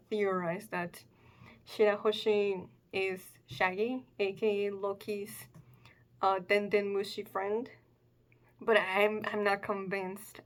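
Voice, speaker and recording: Chatty woman musing through a manga reaction. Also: mid-range voice. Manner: chatty, musing, filler-heavy. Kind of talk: casual reaction commentary.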